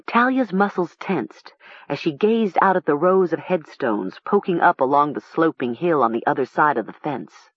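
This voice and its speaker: A woman narrating an audiobook in a measured, expressive way. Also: sits low, breathy edge, no echo, dull audio.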